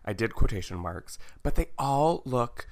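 A man co-hosts a podcast in casual chat, with a medium-pitched, sing-song voice. He rambles and halts, restarting his sentences often.

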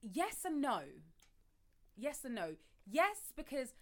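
A woman's voice: sits high, sing-song, slow. A young woman, co-hosting a casual podcast and speaking candidly. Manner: candid, confiding. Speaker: podcast co-host. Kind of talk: casual chat.

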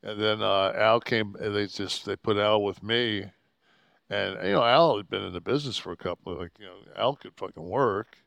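A man's voice: on the low side, moderate pace, gravelly, no echo, dull audio. A man in his sixties, a podcast host, telling a rambling, profane road story and acting out the people in it. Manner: profane, rambling, animated quoting of others. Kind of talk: casual storytelling.

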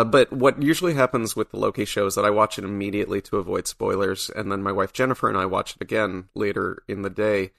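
A man's voice: on the low side, gravelly, a bit bright. A man being interviewed as a comic book writer, speaking thoughtfully with a dry, wry sense of humor. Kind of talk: casual podcast interview.

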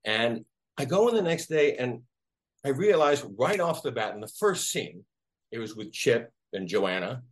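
Animated husky-voiced man telling a story. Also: mid-range voice, moderate pace. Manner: animated, acts out quoted voices. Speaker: actor guest. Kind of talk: casual storytelling in an interview.

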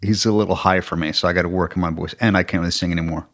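Man, very deep voice, podcast co-host, relaxed casual chat. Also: very fast.

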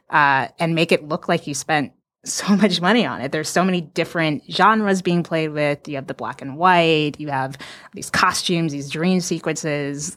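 Female interviewer, very low voice, curious and rambling. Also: fairly bright tone. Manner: curious, hesitant, restarts questions. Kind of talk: casual interview questions.

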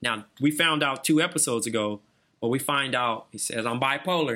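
A man co-hosting a podcast, recapping a TV episode in slangy, animated casual chat. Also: medium pitch, normal speed. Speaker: podcast co-host.

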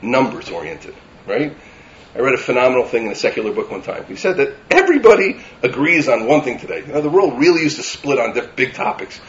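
A man delivering a sermon as a rabbi, animated and building to emphatic lists. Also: mid-range voice, fast, highs cut off, slight background noise.

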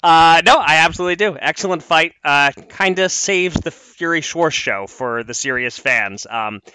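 Bright-voiced man reading fight news. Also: fairly high pitch, a little hiss or hum. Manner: brisk, reads announcements, teasing. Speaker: podcast host. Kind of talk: news segment and chat.

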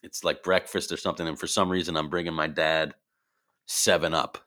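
A man, an improv performer and actor, telling animated stories in a casual chat and acting out the voices in them. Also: rumbling low, fairly quick. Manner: animated, acts out voices in his anecdotes.

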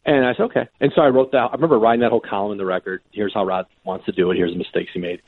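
A man telling stories as a sports reporter guest in casual conversation, with lively quoted voices and frequent restarts. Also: on the low side, racing, breathy edge, dry recording. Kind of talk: conversational storytelling. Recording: tinny phone-line audio.

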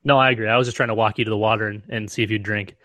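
A man's voice: fairly low pitch, steady tone, very fast, bright, forceful tone. A man co-hosting a casual sports podcast, laid-back and teasing.

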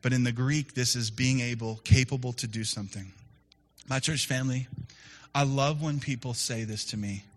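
A middle-aged man preaching a sermon to a church, telling stories in a lively, conversational way. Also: mid-range voice, normal speed. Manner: storytelling, lively and conversational with laughs and sudden shouts. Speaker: pastor. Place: church service room.

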